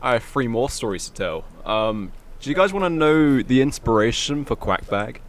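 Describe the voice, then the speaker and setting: A man's voice: mid-range voice, lively intonation, normal speed. A man co-hosting a casual podcast with friends, telling a story in a joking, playfully defiant way. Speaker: podcast co-host. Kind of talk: casual chat among friends.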